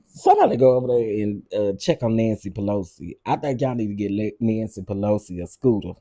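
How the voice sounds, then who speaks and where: A low, husky male voice, dishing gossip in a sassy, chatty way. He laughs a lot and repeats his punchlines. The sound is dry and close, with a mellow, dark tone. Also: expressive, moderate pace, dry recording. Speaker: commentary show host. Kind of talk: casual commentary livestream.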